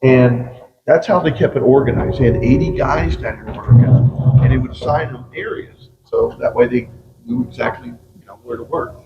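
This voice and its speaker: A man's voice: medium pitch, moderate pace, vocal fry, music in the background. A middle-aged man guiding a boat tour through a flooded mine, telling jokes and stories and often calling the group "guys". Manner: joking storyteller, keeps addressing the group as "guys". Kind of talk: guided tour talk. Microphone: camera of a visitor on the boat, some distance off. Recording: echoey cave, distant, dull, noisy.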